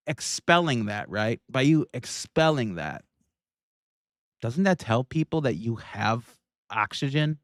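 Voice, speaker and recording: A man's voice: mid-range voice, big pitch swings, slow, a bit bright, no room sound, clean studio sound. Laughing, irreverent male livestream host. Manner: laughs often, chatty and irreverent. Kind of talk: casual commentary on video clips.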